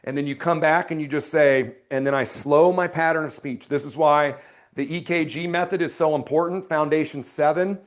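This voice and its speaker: Man coaching sales, low serious pitches. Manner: drops to a slow, low, serious tone for the close; energetic and emphatic when coaching. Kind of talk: sales training with role-played pitches.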